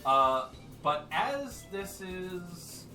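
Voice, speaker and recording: A man's voice: high voice, very animated, extremely slow, sharp tone. A man narrating a tabletop game as game master in a casual, laid-back way, swearing freely. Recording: roomy and distant, music behind.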